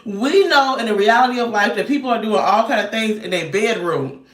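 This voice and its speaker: A woman in her thirties telling a story in a loud, animated rant and laughing often. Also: fairly high pitch, fairly quick. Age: 30s. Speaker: vlogger. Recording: roomy echo, distant mic.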